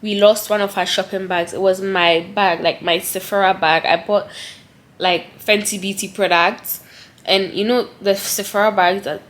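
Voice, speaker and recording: A woman's voice: mid-range voice, steady tone, moderate pace, fairly bright tone. A young woman vlogging to her phone camera in a chatty, heartfelt way, with lots of "like" fillers. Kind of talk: casual vlog talk to camera. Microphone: handheld phone camera.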